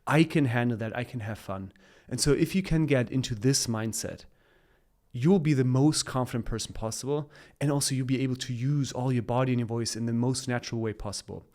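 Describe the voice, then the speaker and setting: Appearing as a guest on a podcast, this man sounds relaxed and upbeat, coaching rather than lecturing. His pitch is an ordinary middle range, his pace brisk and his tone slightly mellow, and he laughs readily between points.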